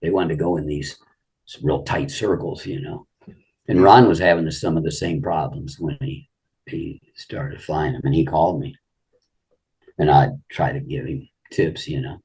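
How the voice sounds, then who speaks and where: Deep, husky older man telling stories. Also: moderate pace, a little mellow. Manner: rambling anecdotes full of "you know". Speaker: guest. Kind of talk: casual storytelling interview.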